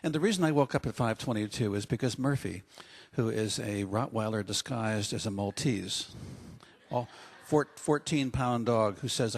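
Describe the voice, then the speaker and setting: Husky pastor telling funny stories. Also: male voice, fairly low pitch, normal speed. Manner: humorous storytelling with acted asides. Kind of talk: sermon.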